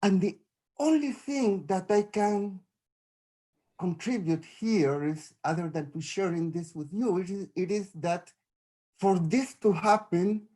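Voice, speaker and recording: A middle-aged man talking over a video call, sharing something in a halting, heartfelt way with many restarts. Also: sits high, dark tone. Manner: halting, restarts often, grateful and moved. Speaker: audience member sharing in a Q&A. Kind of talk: emotional spontaneous sharing.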